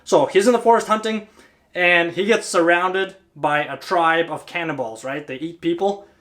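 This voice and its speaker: Speaking at a moderate pace in a voice that sits high and fairly bright, this HVAC technician chats to camera as host of his channel. He's informal and talkative, regularly asking listeners "right?"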